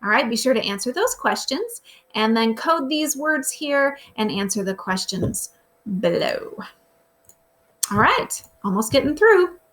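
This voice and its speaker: A woman's voice: a little high, sing-song, measured pace, fairly bright tone. A woman, a grade-school teacher walking her pupils through the day's lesson, asking them simple questions as she goes. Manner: patient, asks children simple questions. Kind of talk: recorded remote lesson walkthrough.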